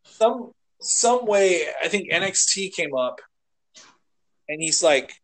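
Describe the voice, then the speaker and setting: A man co-hosting a casual podcast, rambling and animated, swearing and acting out quotes as he retells scenes. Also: high-pitched, takes it slowly. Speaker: podcast co-host. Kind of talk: casual chat.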